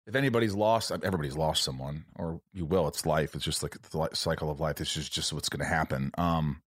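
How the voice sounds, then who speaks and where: A young man hosting an intimate chat, his voice low and steady. He talks openly and casually, sometimes swearing and animating the people he quotes. The sound is close and dry, with no room around it. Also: dry recording. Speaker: podcast host. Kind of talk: casual heartfelt conversation.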